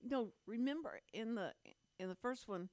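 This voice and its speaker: A woman's voice: fairly high pitch, moderate pace, darkish tone, dry recording. A woman in her fifties hosting a community radio talk show, chatting casually, laughing often and restarting her sentences. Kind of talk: casual on-air chat.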